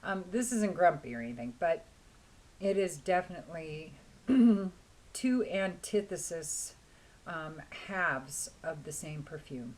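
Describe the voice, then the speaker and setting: A hoarse woman giving a chatty, rambling fragrance review, often clearing her throat. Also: low-pitched, low-quality recording. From Washington State, US. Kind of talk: casual video review.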